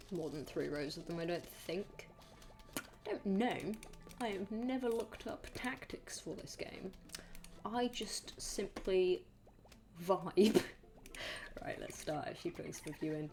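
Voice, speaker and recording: A woman's voice: medium pitch, darkish tone. Chatty woman streaming a game. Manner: chatty, mutters to the game, playful sing-song asides. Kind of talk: casual gameplay commentary.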